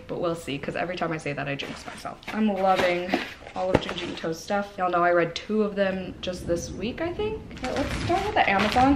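Young girl gushing over book mail, swears a bit, noisy home recording. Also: medium pitch. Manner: gushing, excitable, swears casually. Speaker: booktuber. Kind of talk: casual vlog chat. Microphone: camera propped on a coffee cup.

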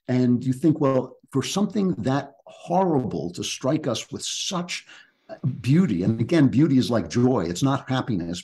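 A man's voice: medium pitch, a little mellow. A man speaking as a podcast guest author, reflective and emphatic, often restarting his sentences. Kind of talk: podcast interview conversation.

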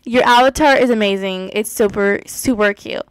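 A woman's voice: mid-range voice, normal speed, smooth, dry recording, low-quality recording. A young woman chatting casually as she plays, gushing and giggling often as she comments on her game. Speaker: gaming YouTuber.

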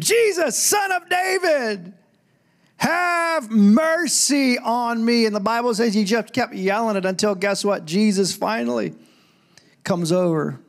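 A middle-aged man preaching a sermon in a church, animated, breaking into loud calls when he quotes. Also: high-pitched, gravelly. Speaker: pastor. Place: church sanctuary.

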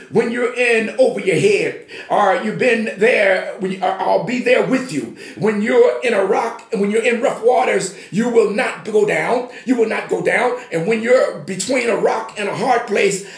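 A man preaching a sermon as pastor, with emphatic declarations and rising shouts. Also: high voice, reverberant.

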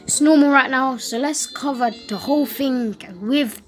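A woman giving casual gameplay commentary at home, excitable and panicky, repeating words in quick bursts. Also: sits high, faint music behind.

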